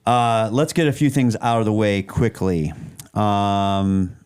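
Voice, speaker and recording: A man co-hosts a podcast in casual chat, rambling with many restarts and fillers. His fairly low voice is a little mellow and smooth, with fairly even intonation and a slow pace, captured in clean studio sound with no room sound.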